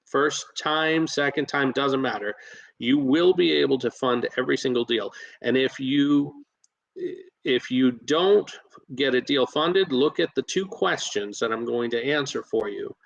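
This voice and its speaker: A man who invests in real estate, talking as a podcast guest and coaching listeners in a lively way, with plenty of fillers and restarts. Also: medium pitch, measured pace, gravelly, low-quality recording. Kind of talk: casual podcast storytelling.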